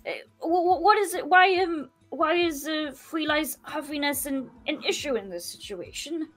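A flustered, courteous traveler trips over apologies and old-fashioned phrasing, voiced by a woman. The voice sits high and light, with faint background music. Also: moderate pace, a bit bright. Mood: earnest. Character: polite, flustered, fussy traveling creature.

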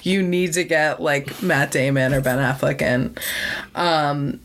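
A woman's voice: deep voice, slow pace, a little hiss or hum. A woman from Boston co-hosting a podcast, chatting casually and laughing often as she tells the story. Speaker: podcast co-host. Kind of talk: casual chat.

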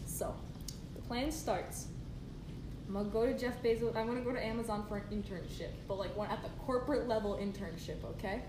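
A woman's voice: on the high side, a little fast. A young woman co-hosting a casual podcast, laughing as she lays out a scheming plan, recorded without microphones. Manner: playful, laughing, scheming storyteller. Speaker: podcast co-host, student technical director. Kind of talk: casual chat. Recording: echoey room, noisy, no microphone.

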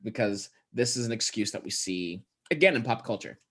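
A man co-hosting a podcast in casual chat, recapping a film with joking, profane, animated retelling. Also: on the low side, a little fast, breathy edge. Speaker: podcast co-host.

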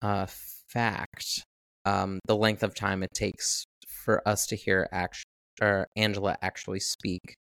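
A man's voice: lowish voice, flat delivery, slow pace, creaky, a bit bright, no echo, clean studio sound. A man co-hosting a casual podcast. He chimes in with film trivia and jokes, with plenty of "um" and "like" as he talks. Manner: chatty, adds trivia with fillers. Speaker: podcast co-host. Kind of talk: casual film recap chat.

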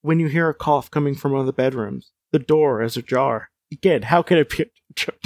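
A man's voice: medium pitch, a little fast, a little mellow, no room sound. A man reading a choose-your-own-adventure book aloud, with playful asides, frequent laughs and casual chat. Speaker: reader of a gamebook.

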